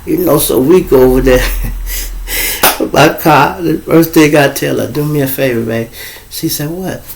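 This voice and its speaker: Gravelly Chicago man telling street stories. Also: fairly high pitch, a little slow, noisy background. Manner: raw street talk, loose and joking, acts out voices in quotes. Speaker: show host. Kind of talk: casual storytelling monologue.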